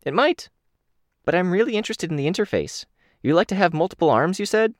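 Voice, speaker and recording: A man voicing a bossy, teasing young teenage girl in an audiobook, impatient and bright. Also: sits high, lively intonation, brisk, dry recording, clean studio sound, pitched above the performer's own voice. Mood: eager.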